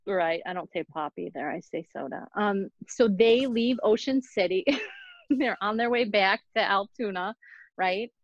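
A woman's voice: mid-range voice, measured pace, dry recording. A woman hosting a true-crime podcast, chatting casually and rambling through the story with plenty of fillers and little laughs. Her voice comes through dull and lo-fi, close and dry with no room sound. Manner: chatty, many fillers and giggles. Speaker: podcast host.

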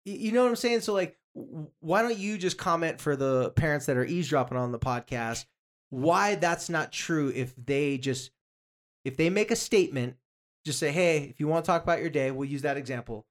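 Animated male podcast host. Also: a little high, normal speed. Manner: animated, acts out quotes and jokes. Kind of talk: casual podcast chat.

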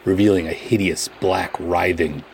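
Deep-voiced man narrating pulp adventure. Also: steady tone, moderate pace, creaky, a little hiss or hum. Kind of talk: first-person pulp audiobook narration.

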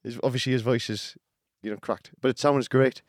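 Fast-talking man, rambling. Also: mid-range voice, fairly even intonation, dry recording, clean studio sound. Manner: rambling, self-deprecating, many fillers and restarts. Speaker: podcast guest, singer-songwriter. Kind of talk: casual chat.

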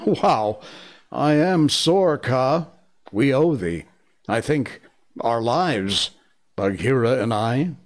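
A man voicing a big old male bear who speaks gravely and wearily, in a storybook reading. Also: mid-range voice, animated, slow pace. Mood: sore. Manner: grave, weary.

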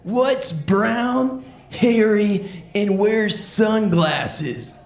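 A woman voicing a laid-back young male surfer who tells jokes slowly for a children's stand-up podcast. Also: mid-range voice, darkish tone. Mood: joking. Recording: roomy echo.

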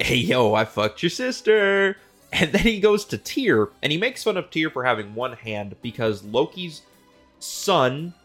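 A man riffs through a comedic monologue in a rambling, profane way. He sounds incredulous, and his pitch jumps around a lot. Faint music plays behind him. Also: a bit bright. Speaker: host.

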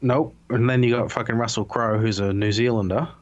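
A man's voice: mid-range voice, steady tone, fairly quick, lo-fi sound. A man in casual chat, laid-back and swearing constantly, with frequent restarts.

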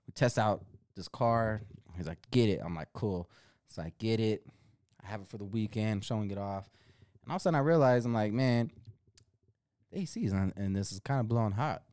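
A young man co-hosting a podcast, telling stories in a laid-back, swearing style that grows loud when he is indignant. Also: fairly low pitch, a little fast, smooth, no echo, clean studio sound. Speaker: podcast co-host. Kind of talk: casual chat.

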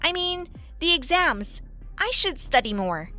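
Bright-voiced young woman telling a story. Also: very high voice, big pitch swings, measured pace, soft background music. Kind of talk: first-person story narration.

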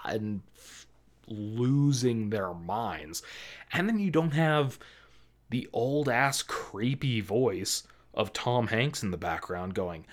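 Co-hosting a movie review podcast, a man speaks slowly in a medium-pitched voice with lively intonation. His casual chatter wanders, full of restarts and filler words like "like" and "um."

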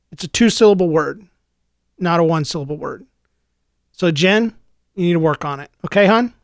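A man's voice: high-pitched, dry recording. American guy ranting on his podcast, lecturing folks, totally dry sound, middle-aged. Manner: opinionated, exasperated, lecturing. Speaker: podcast host.

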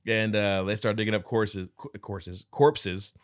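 Low-voiced man recapping a movie. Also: a little slow, no room sound, studio quality. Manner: animated retelling, jumps into high character voices for quotes. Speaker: podcast co-host. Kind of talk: casual movie recap chat.

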